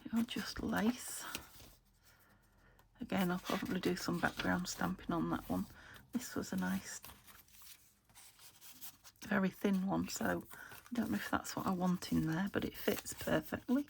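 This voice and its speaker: A British woman crafting at her table at home, thinking aloud and often dropping to a soft half-whisper as she narrates casually. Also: fairly low pitch, normal speed, gravelly. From United Kingdom. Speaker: craft vlogger. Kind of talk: casual flip-through narration while crafting.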